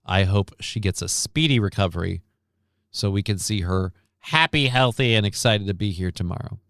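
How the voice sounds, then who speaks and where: On the low side and at a normal speed, this man's voice has a slightly bright quality. He's a tired livestream host, short of breath, who rambles casually, cuts himself off, and reads the chat aloud. The recording is dry and studio quality.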